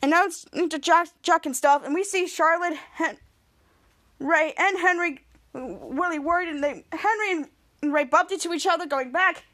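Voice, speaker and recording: A woman with a very high, bright voice rambles through a casual podcast recap. She often restarts her sentences and corrects herself as she goes. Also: normal speed. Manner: rambling, chatty, self-correcting. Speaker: podcast host.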